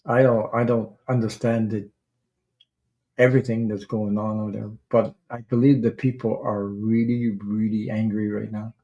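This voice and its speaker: A man hosting a tarot livestream, chatting casually and rambling, with halting restarts while he greets viewers. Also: lowish voice, flat delivery, dark tone, muffled recording. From Canada.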